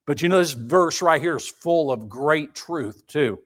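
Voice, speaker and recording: A man preaches a sermon in a high voice. He is emphatic and repeats himself for effect, asking the congregation rhetorical questions as he goes. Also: lively intonation, measured pace. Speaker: pastor.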